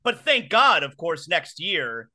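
Bright, high-toned sports show host. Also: male voice, very animated. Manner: quick, pointed interview questions. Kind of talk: casual sports talk.

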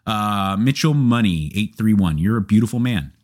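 A man's voice: fairly low pitch, moderate pace, hardly any pauses. A young man hosting a casual question-and-answer chat, candid and joking, swearing freely as he reads and answers viewer questions. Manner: candid, profane, animated and joking.

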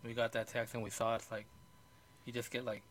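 A man co-hosting a casual podcast, speaking quietly and reflectively with many fillers. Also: medium pitch, level tone, fast. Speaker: podcast co-host. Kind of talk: casual chat. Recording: quiet and distant from the mic.

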